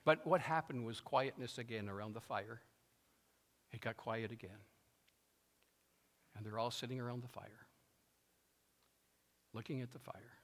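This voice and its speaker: A man's voice: mid-range voice, a little slow, long pauses, fairly bright tone. A male pastor preaching a sermon, emphatic and fond of repeating his phrases, with a long reverb from a large hall.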